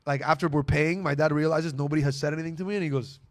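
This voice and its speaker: A young man, a comedian, telling animated stories on a casual podcast and laughing often. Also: on the high side, rapid-fire. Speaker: comedian guest.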